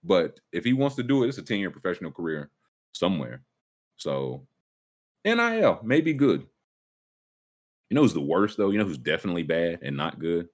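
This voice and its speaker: A man with a low voice that swings widely up and down as he jokes through a casual sports chat. He sounds mock-incredulous and playful. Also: a little fast, pauses often. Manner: joking, animated, mock-incredulous. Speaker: show host.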